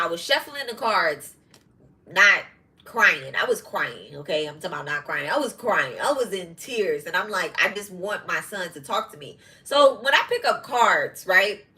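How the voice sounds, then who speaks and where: A middle-aged woman with a bright, forceful voice talks straight to her viewers in casual podcast chat. She is blunt and profane, with quick asides and laughter. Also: medium pitch, rough recording. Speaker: podcast host.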